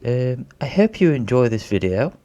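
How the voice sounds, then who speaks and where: A man's voice: mid-range voice, sing-song, normal speed, mellow. A man narrating a drawing tutorial as a voice-over in a put-on posh British accent, rambling and a bit self-conscious, as if winging it.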